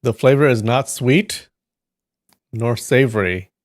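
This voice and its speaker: Male stream host, unhurried amused musing, dry close sound, middle pitch. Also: no echo. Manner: musing, amused, trailing asides. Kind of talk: casual chat while tasting snacks.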